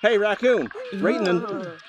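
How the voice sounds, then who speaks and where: Over game music, a man with a high-sitting voice commentates his VR gameplay a little slowly, exasperated and ranting at the game with mild swearing. The recording is rough.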